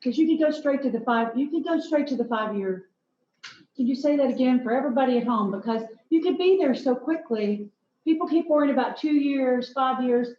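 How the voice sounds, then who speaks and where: A woman's voice: high voice, expressive, a little fast, a little hiss or hum. A woman co-presenting at a workshop, enthusiastic and teasing. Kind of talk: conference presentation. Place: lecture hall. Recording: echoey hall, dull.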